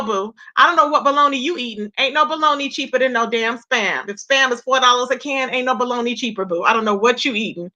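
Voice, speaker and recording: Sassy high-voiced woman recapping gossip. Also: lo-fi sound. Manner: sassy, animated, laughs a lot, says "okay" and "period". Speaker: YouTube commentary host.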